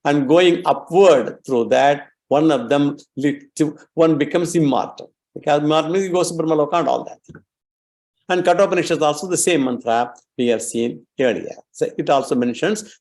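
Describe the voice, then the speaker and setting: A man giving a religious lecture, explaining Sanskrit terms slowly and carefully. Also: on the high side, darkish tone. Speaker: scripture teacher.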